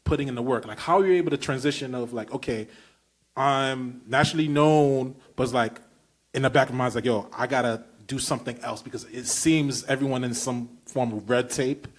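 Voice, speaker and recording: A man's voice: medium pitch, brisk. A man with a Brooklyn accent hosting a podcast, eager and emphatic, with loose, slangy phrasing. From Brooklyn, New York. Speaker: podcast host. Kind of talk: casual podcast conversation.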